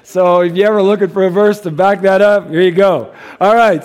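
A middle-aged male pastor preaching a sermon, joking and animated, then dropping to a hushed, earnest tone. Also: sits high, normal speed, few pauses.

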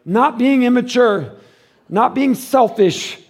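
A man's voice: very high-pitched, expressive, slow pace. A middle-aged man, a pastor, giving a conversational sermon, acting out quoted voices and chuckling often.

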